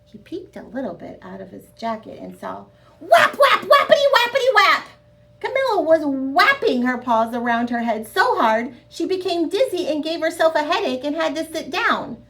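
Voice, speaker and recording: A woman reading a picture book aloud to children, expressive and sing-song, speaking to her young listeners directly. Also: sits high, normal speed, vocal fry, hardly any pauses. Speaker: storyteller.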